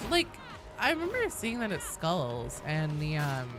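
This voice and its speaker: A game streamer chatting casually to viewers while gaming, with a Valley Girl-like lilt and a pitch that swoops up and down all the time. The talk rambles and is full of fillers and restarts. Game music plays clearly underneath. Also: wildly swooping pitch, a little slow. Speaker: game streamer reading chat.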